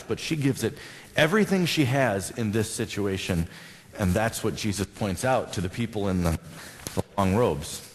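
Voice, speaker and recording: Male American pastor, chatty sermon delivery with questions to the pews, long church reverb. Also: on the low side. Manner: conversational, asks the congregation questions. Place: church sanctuary.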